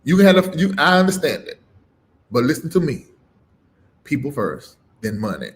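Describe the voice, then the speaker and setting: A middle-aged man preaching on a live stream, emphatic and informal, swinging between loud punches and low murmurs and repeating phrases with a rising cadence. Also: big pitch swings, moderate pace. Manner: informal, dropped verb endings. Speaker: preacher and livestream host.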